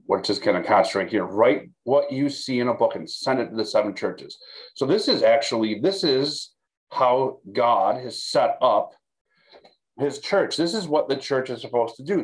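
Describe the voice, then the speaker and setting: A man's voice: lowish voice, low-quality recording. A man teaching a Bible study for a video, talking in a conversational way with frequent restarts and check-ins with his listeners. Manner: conversational, repeats words, fillers, checks in with "okay?". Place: recorded for video.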